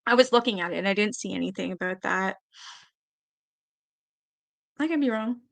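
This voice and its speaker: A woman hosting a live-stream panel, chatting casually and reading viewer comments aloud with quick asides. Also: mid-range voice, gravelly. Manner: chatty, animated, quick asides and little laughs.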